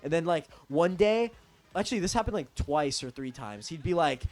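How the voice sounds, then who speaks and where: A man's voice: a little high, lively intonation, normal speed, darkish tone. A young man telling a story in a casual, profane, rambling rant as a vlogger.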